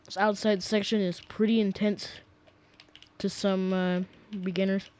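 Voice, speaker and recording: A man's voice: sits high, flat delivery, measured pace, a little mellow, clean tone. A young man casually rambling through gameplay commentary at home, often sidetracked and full of fillers. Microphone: desk mic.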